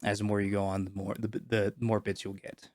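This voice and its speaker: A man's voice: lowish voice, little pitch movement, a little fast, a little mellow, no room sound, studio quality. Man running a tabletop game. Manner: casual, many fillers and restarts. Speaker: game master.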